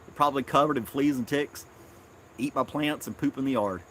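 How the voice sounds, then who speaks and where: A man's voice: medium pitch, animated, normal speed, fairly bright tone, slight background noise. A man from Tennessee, hosting a casual live stream outdoors in his backyard, rambling and chuckling often.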